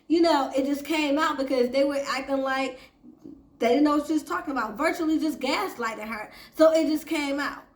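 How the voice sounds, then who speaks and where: A high-pitched woman hosts a casual recap of a reality TV episode and talks to her viewers as "y'all". Her voice rings out in an echoey room. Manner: chatty, addresses viewers as y'all. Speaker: TV recap host.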